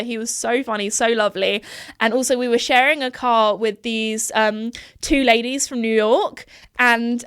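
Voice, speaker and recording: A young woman in her twenties chats on her own podcast with a posh southern English accent. Her voice sits a bit high, and she wanders from point to point with plenty of fillers. The sound is close and dry. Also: clean tone, no room sound. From southern England. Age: 20s. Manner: chatty, many fillers and laughs, rambling. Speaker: podcast host. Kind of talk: casual rambling chat.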